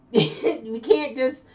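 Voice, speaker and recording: Her voice is high and darkish, and she speaks very slowly as she hosts a casual live chat built around viewer comments. She's chatty, laughs often, and keeps restarting trailing lines. The recording comes from a distant lo-fi mic with faint noise.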